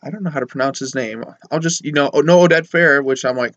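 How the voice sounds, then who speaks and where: A man's voice: mid-range voice, quick pace, fairly bright tone, no room sound, muffled recording. A man casually reviewing a film, rambling and chatty, with sarcastic asides. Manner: rambling and conversational, full of fillers and asides; sarcastic mock voices when quoting characters. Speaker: movie reviewer.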